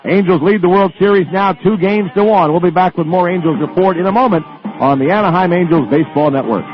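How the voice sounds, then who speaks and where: A man calling a baseball game as the radio play-by-play announcer, excited on the final out. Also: sits high, quick pace, soft background music. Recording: muffled AM radio broadcast.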